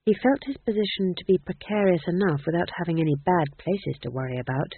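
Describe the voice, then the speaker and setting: A man reading a story aloud in an expressive, wry storytelling manner. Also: high voice, brisk, a little hiss or hum. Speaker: audiobook narrator. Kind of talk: scripted narration. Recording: dry, phone-like narrow sound.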